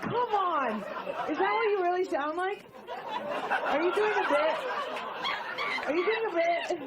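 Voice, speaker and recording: A young adult woman stand-up comedian doing crowd work, teasing an audience member in a quick voice that keeps breaking into laughter. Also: extremely high pitch, expressive, very noisy. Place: comedy club stage before a live audience. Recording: live club with loud crowd.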